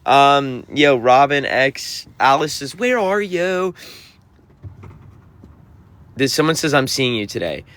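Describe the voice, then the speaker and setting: A man's voice: medium pitch, moderate pace, hardly any pauses, fairly bright tone. A man, a touring musician, reading out and answering viewer comments on a livestream in a sassy, teasing, mock-offended way. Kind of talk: livestream reading chat aloud.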